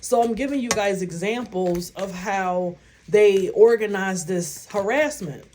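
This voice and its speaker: A woman's voice: mid-range voice, unhurried, warm tone, slight background noise. A woman vlogger telling stories casually to her viewers, blunt and profane, acting out her own reactions.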